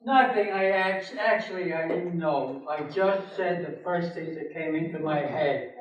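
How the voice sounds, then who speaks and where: A man's voice: on the high side, a little slow, lightly acted. An older man playing an exasperated grown son who pleads with his mother on the phone, in a flustered, placating manner. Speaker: amateur skit performer. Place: senior center hall. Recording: echoey hall from far off.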